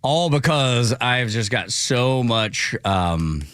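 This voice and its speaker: A man's voice: mid-range voice, expressive, takes it slowly, fairly bright tone, smooth, dry recording. A man hosting morning talk radio, chatty and folksy, sounding congested as he chats and reads an ad. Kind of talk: casual talk radio chat and live-read ad. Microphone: studio microphone.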